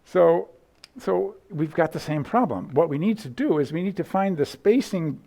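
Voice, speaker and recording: Man lecturing, gravelly, slightly high voice, casual with restarts. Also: animated, moderate pace, dark tone. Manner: casual, thinks aloud with restarts and demos of vowels. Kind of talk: university lecture. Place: lecture hall.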